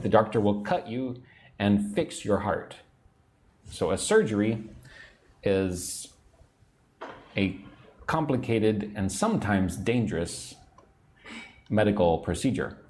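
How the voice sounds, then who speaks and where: A man teaching an English lesson on a livestream, chatting, reading out viewer comments, and drilling words slowly. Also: lowish voice, a little mellow. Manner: chatty, reads viewer comments aloud, slow drilled pronunciation.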